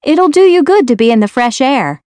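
A woman's voice: high voice, very animated, a little fast, a little mellow, no room sound, pitched above the performer's own voice. A woman voicing a kind, talkative young female maid from Yorkshire with a Yorkshire accent, in a storybook reading. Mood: scolding.

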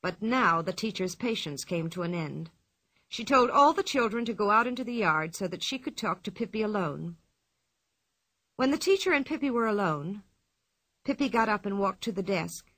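A woman reads a children's storybook aloud in a bright, clear voice whose pitch moves freely. Her delivery is expressive and even-paced. The recording is dry and close to the mic. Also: moderate pace, dry recording. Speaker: narrator.

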